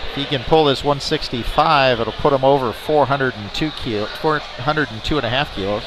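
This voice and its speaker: Over noisy arena ambience at an indoor venue, a man with a medium-pitched voice calls the lifts at a powerlifting meet. He keeps a moderate pace and fills the gaps between attempts with chatty, joking remarks.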